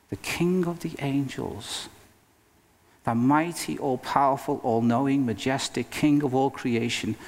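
A male pastor preaching a sermon in an earnest, emphatic way, with dramatic pauses. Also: mid-range voice. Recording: long reverb of a hall.

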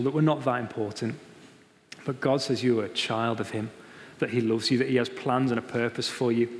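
A man preaching a sermon, stressing key phrases and repeating them slowly. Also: mid-range voice, in a large hall. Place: church.

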